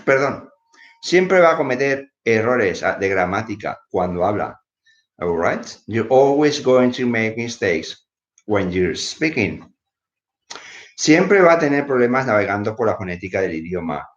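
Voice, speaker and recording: A man's voice: lowish voice, very animated, normal speed. A man, a bit sleepy, giving a casual English lesson and switching between English and to explain words. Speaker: English teacher. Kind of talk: casual live video lesson. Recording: echoey room, dull lo-fi sound.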